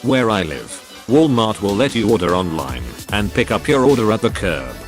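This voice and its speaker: A man's synthetic voice reading forum posts aloud in a flat tone, misreading symbols and abbreviations. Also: on the low side, moderate pace, soft background music. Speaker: narrator reading online posts.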